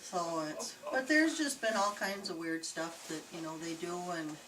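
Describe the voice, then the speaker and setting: A woman telling a chatty, animated story indoors in an old jail, laughing easily. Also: on the low side, moderate pace. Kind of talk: casual storytelling to investigators. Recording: echoey, distant, noisy camcorder audio.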